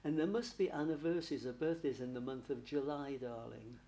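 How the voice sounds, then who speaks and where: A man serving as medium at a spiritualist church service gives a platform reading, chatty and loving, with plenty of laughter and "darling." His mid-range voice is mellow, and he talks briskly.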